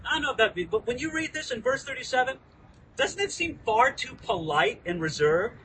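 Man, pastor, very high voice, outdoor Bible teaching, distant mic, clear traffic noise. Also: a little fast. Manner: animated, acts out quoted lines. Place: outdoors within view of a landmark hill.

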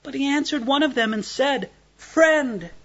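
A man's voice: very high voice, brisk, lo-fi sound. A man preaching an expository sermon, asking rhetorical questions and acting out little scenes for his listeners. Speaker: pastor.

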